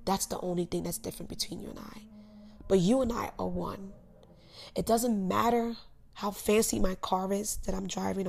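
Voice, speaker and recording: A young woman hosting her own podcast, telling an emotional personal story in earnest, with sudden loud bursts and soft, hushed asides. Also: mid-range voice, creaky. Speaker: podcast host. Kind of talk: personal motivational monologue.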